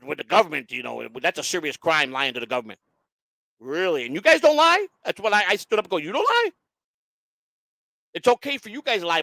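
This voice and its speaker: A man's voice: on the high side, creaky, dry recording, rough recording. A man hosting a casual online show, telling a long profane story and acting out the voices of the people in it. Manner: profane, animated, acts out quoted voices. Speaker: host.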